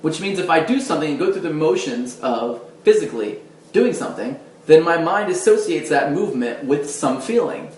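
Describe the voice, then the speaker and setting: A man's voice: fairly high pitch, echoey room, a little hiss or hum, rough recording. A man giving a casual, demonstrative dating lesson, talking conversationally with fillers and restarts. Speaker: dating coach. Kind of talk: casual instructional talk to camera.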